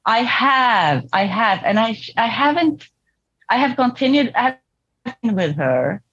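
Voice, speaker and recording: A woman as a therapy client, talking reflectively and hesitantly with restarts and soft laughs, over a video call. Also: fairly high pitch, big pitch swings, slow pace, slightly rough, dull audio. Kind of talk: therapy session talk.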